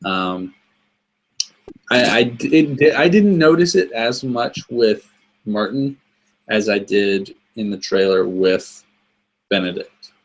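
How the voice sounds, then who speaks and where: A man with a fairly low voice joins a casual movie discussion as a guest. He thinks aloud and circles back on his words, restarting phrases before he settles on them. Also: slow, pauses often, rough recording. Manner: thoughtful, repeats and restarts phrases.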